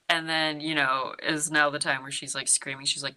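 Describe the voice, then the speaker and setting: Low bright-voiced woman retelling a story. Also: level tone, normal speed, low-quality recording. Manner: storytelling with frequent "like" and acted-out quotes. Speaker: co-host recapping a horror film. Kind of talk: casual chat.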